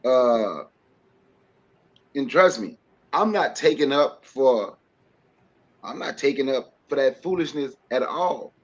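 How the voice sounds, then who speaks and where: A man's voice: medium pitch, animated, slow pace, long pauses. A man on a podcast livestream giving impassioned commentary, preaching with rhetorical questions. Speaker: panelist. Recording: dull lo-fi stream audio.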